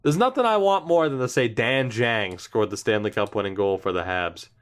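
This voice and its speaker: A young man in casual gameplay commentary, talking to himself as he weighs choices. He sounds indecisive and mutters, with the odd swear. His voice sits at an ordinary mid pitch. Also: animated, normal speed. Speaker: gaming YouTuber.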